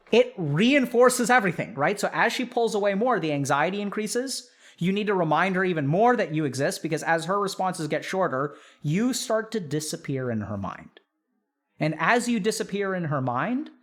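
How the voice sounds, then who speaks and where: A man hosting a stream, calmly explaining to his audience step by step, with frequent "like" and "right?" checks. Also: sits high. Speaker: psychiatrist host reviewing reader posts.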